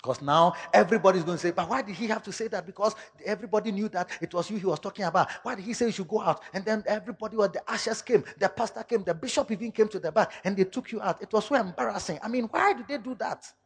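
A male pastor preaching a sermon in an animated way, slipping into local-language phrases and bursting into sudden shouts. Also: high-pitched, rapid-fire, hardly any pauses, slightly rough, in a large hall.

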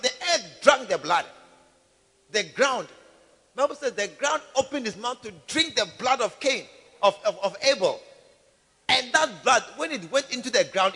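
In a church hall full of long reverb, a man preaches forcefully and pelts the congregation with questions. The voice is very high, bright, and piercing, slightly rough, expressive, and moderately paced.

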